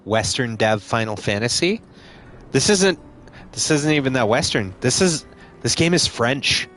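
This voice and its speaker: A man's voice: mid-range voice, lively intonation, a little slow, fairly bright tone, a little hiss or hum. Joking male game streamer. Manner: casual, joking, swears, laughs often. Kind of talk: live game commentary.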